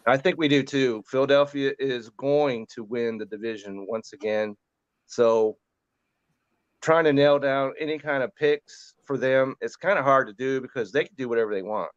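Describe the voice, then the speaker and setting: Relaxed man talking football, smooth dry sound. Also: medium pitch, normal speed, no room sound, lo-fi sound. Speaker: fantasy football show host. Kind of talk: casual sports chat.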